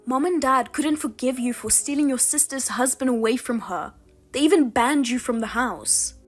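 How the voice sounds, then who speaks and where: A woman's voice: high-pitched, normal speed, faint music behind. A woman narrating her own story in the first person, reproachful and indignant toward her sister. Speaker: narrator and wronged wife.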